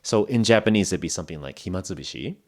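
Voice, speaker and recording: A young man hosting an English lesson podcast, explaining phrases in a relaxed, chatty way with acted examples. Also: deep voice, quick pace. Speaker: English podcast host and teacher. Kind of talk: casual spoken English lesson.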